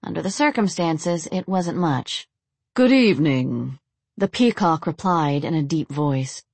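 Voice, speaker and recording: A woman narrates a fantasy story in a measured, expressive read. Her voice is low, and the recording is dry and close, with no room sound. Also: no echo.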